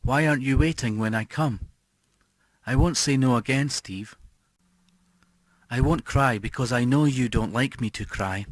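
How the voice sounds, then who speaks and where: A man narrating a horror story as an audiobook reader, slow and brooding, dropping to a hush on key words. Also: medium pitch, no room sound.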